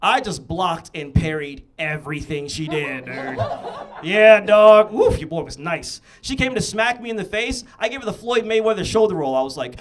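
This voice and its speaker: A young man doing stand-up, his voice sitting high and swinging widely as he tells his stories. He talks in a lively, punchy way and keeps turning to the crowd with quick asides. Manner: animated storytelling with punchy asides and frequent "you know what I'm saying". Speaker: stand-up comedian. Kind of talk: stand-up comedy set. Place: comedy club stage with a live audience.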